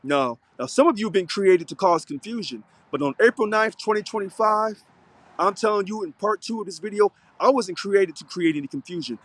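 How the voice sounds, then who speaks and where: A man's voice: sits high, expressive, fairly quick, fairly bright tone, dry recording. A man who is a union local president, giving a preachy, fiery, repetitive unscripted video monologue.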